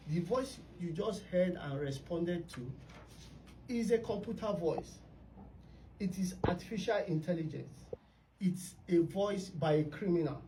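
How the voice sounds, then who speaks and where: A woman hosting a radio talk show, telling stories emphatically. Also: lowish voice. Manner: storytelling, emphatic. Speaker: radio host. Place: radio studio. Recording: distant mic with faint noise.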